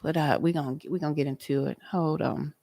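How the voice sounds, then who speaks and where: A woman's voice: low-pitched, fairly even intonation, fast, gravelly, mellow, no echo. A woman hosting an outdoor livestream, chatting and preaching straight to her viewers. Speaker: livestream host. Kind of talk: casual livestream chat and teaching.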